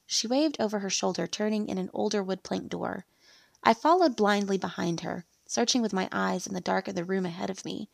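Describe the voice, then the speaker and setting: A woman narrating a first-person story in a steady, read-aloud storytelling manner. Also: mid-range voice, brisk, vocal fry, no room sound.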